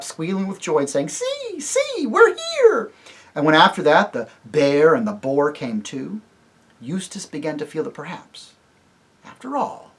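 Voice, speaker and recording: A man, a priest, reading a children's novel aloud with expressive, animated delivery. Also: breathy edge. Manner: expressive, animated reading with wide swings in pitch and loudness. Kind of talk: storybook read-aloud narration.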